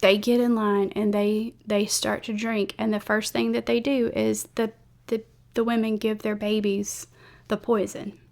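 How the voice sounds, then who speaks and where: A woman host tells a true-crime story in a loose, chatty way, full of fillers and restarts. She speaks at a middle pitch, blunt and openly emotional about what she describes. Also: level tone, a little slow, creaky, darkish tone. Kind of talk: casual storytelling to camera.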